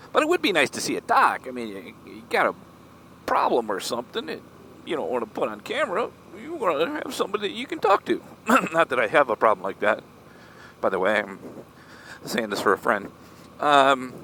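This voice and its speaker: A man's voice: mid-range voice, sharp tone, a little hiss or hum. A middle-aged man vlogging in a casual, rambling, joking way while riding a motorcycle. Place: outdoors on a moving motorcycle.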